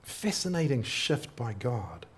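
A man preaching a sermon, explaining scripture in a conversational way with frequent rhetorical tag questions and animated readings. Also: medium pitch, takes it slowly, a little hiss or hum.

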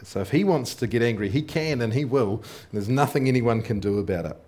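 Here a man with a mid-range voice and a fairly quick pace delivers a sermon, unpacking scripture in a chatty style. His readings are animated, and rhetorical tag questions come up often.

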